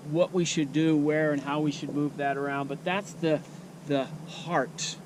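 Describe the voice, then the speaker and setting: A man talks slowly and unhurriedly, thinking aloud as he teaches outdoors. His voice sits a little high for a man. A faint outdoor hum runs underneath. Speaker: nature educator. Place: outdoors at a wildlife refuge.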